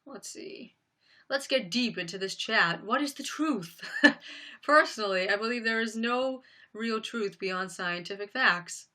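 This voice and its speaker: Soft-spoken young woman live-streaming. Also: a little high. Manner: soft-spoken, reads out chat comments and thanks viewers. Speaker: livestream host. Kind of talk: casual livestream chat. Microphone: built-in laptop mic.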